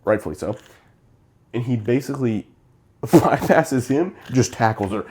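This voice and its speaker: A man's voice: medium pitch, animated, unhurried, noisy background. A young man co-hosting a casual movie review, retelling scenes with animation and acting out the characters' lines. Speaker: podcast co-host.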